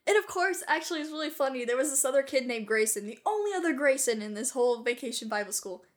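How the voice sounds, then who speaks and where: A woman co-hosting a podcast in casual chat, laughing often and answering with short, quick reactions. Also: sits high, expressive. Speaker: podcast co-host.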